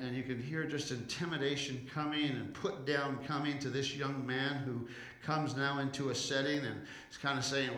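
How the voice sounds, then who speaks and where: A man's voice: medium pitch, fairly bright tone, echoey room. A man preaching a casual sermon, retelling scripture in a conversational way with frequent restarts and acted-out quotes.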